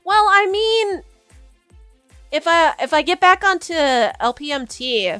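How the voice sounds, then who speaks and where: A woman's voice: very high voice, big pitch swings, slow pace, a bit bright, dry recording, faint music behind. A young adult woman streamer chatting casually to her viewers, giggly and rambling, often restarting her sentences. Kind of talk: casual livestream chat with chat.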